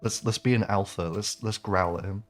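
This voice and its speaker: A man's voice: fairly low pitch, steady tone, moderate pace, soft background music. A man casually commenting while playing a game, joking and talking himself through his choices. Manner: joking, self-amused, talks to himself. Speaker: streamer.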